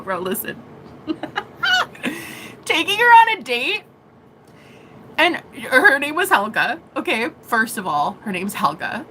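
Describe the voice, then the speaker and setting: A giggly woman reader chats through a casual storytelling vlog, cursing freely and animated throughout. Her voice sits fairly high and swoops widely. Its tone is bright and forward. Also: a little hiss or hum. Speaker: psychic reader.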